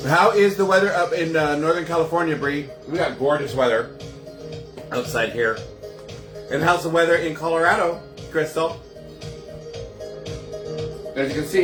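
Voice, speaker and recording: A man's voice: a little high, normal speed, pauses often, roomy sound, music in the background. A man hosting a casual live cocktail show from his kitchen, chatty and gushing as he greets viewers. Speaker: host of a home cocktail livestream.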